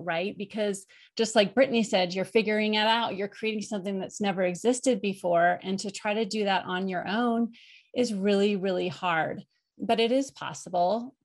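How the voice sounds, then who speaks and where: A woman business owner giving an earnest, slightly halting testimonial in casual chat. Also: mid-range voice. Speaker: mastermind member and business owner.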